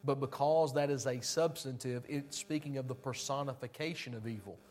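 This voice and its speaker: A man preaching a sermon, emphatic and conversational, swinging between loud declarations and hushed, somber passages. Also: medium pitch, a little fast. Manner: conversational asides to the congregation.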